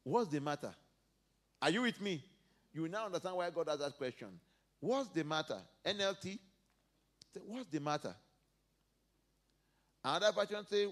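A male pastor preaching a sermon, dropping to soft asides and rising to loud emphatic peaks as he reads and acts out scripture. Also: sits high, lively intonation, normal speed, pauses often. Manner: preaches verse by verse, acting out biblical speakers.

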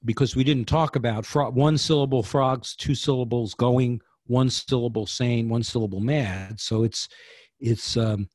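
A man's voice: mid-range voice, steady tone, darkish tone, no room sound. A thoughtful man on a dry video call. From New York. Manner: thoughtful, halting, lots of restarts. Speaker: guest poet. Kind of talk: casual poetry discussion over video call.

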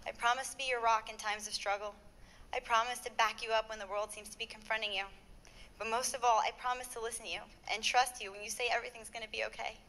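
A woman's voice: on the high side, level tone, quick pace, pushed and bright. A young woman, the bride, reading heartfelt wedding vows at her ceremony. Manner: heartfelt, earnest, with light laughs.

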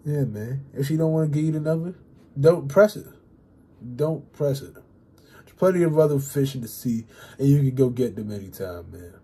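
Young male vlogger, husky and warm-toned, casual and rambling, swears freely, fills gaps with "uh" and "you know". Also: mid-range voice, expressive, moderate pace. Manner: loose and rambling, heavy fillers and swearing. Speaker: YouTuber giving dating advice.

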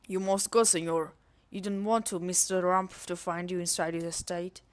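A cautious, worried housemaid speaks in careful, slightly broken English with a put-on Spanish accent, as a woman reads her out. The voice sits a little low for a woman. She sounds like a game character read aloud by one performer. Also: fairly even intonation, moderate pace, natural voice. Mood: urging. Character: harried adult female housemaid, worried and cautious. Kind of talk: reading a visual novel game aloud.

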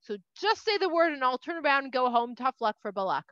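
A woman voicing a hot-tempered male prophet who yells at his donkey, in a dull, dry recording. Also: high voice, sing-song, quick pace, no echo. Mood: casual. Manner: shouting and scolding in bursts.

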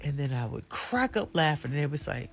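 Middle-aged woman, gravelly voice, casual vlog chat, playful, talks right to the viewers. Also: deep voice, big pitch swings, a little fast, faint music behind. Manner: chatty and playful, addresses viewers directly, laughs often. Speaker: channel host.

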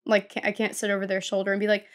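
A woman's voice: mid-range voice, completely flat delivery, very fast. A woman chatting casually as a podcast co-host and writer, rambling with lots of fillers and restarts. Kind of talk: casual chat.

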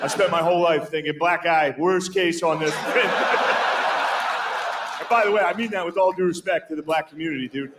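A man's voice: a little high, fairly quick. A man doing a stand-up set, with a laid-back, crude and self-mocking delivery. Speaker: stand-up comedian. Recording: live set with steady background noise.

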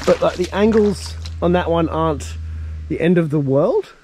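Lively Australian man laughing outdoors. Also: on the high side, measured pace. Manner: laughing often, chatty and self-mocking. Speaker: vlogger. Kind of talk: casual outdoor vlog chat. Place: outdoors on a four-wheel-drive track. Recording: outdoor recording with clear background noise.

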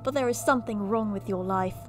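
A woman putting on a deliberately bad British accent to read a dark royal tale as a storybook narrator. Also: medium pitch, faint music behind, lightly acted. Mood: mock-grand. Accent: put-on British. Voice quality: exaggerated, self-consciously bad accent. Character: hammy mock-British female storybook narrator.

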